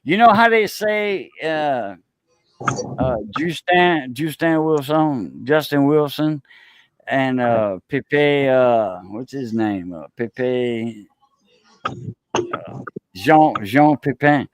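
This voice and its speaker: A man's voice: mid-range voice, animated, noisy background. Rambling Cajun man telling stories. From South Louisiana. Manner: rambling storyteller, halting with many fillers and restarts. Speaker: host. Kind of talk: casual chat.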